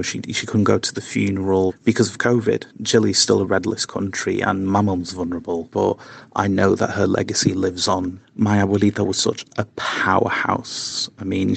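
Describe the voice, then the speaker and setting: A man's voice: lowish voice, gravelly, husky, no echo. A man leaving an earnest, reflective voice message for a podcast. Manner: earnest and reflective, with small restarts. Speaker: caller leaving a voice note. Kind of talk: heartfelt voice message.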